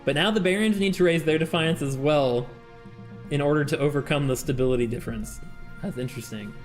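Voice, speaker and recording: A man's voice: on the high side, brisk, faint music behind. A man streaming a game with his chat, chatting casually, laughing often and reading game text aloud. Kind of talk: casual livestream chat while playing a game with chat.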